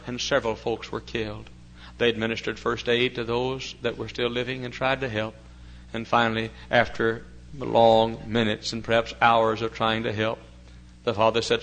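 Older male preacher, bright forceful tone, folksy asides, quiet stretches that build to loud, fervent preaching. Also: medium pitch, fairly even intonation, normal speed, low-quality recording. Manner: swings from quiet talk to loud impassioned preaching; folksy, chatty asides with fillers. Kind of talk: sermon.

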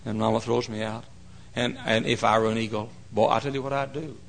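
A male pastor preaching a folksy, emphatic sermon that swings into loud cries. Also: medium pitch, steady tone, fairly quick, creaky.

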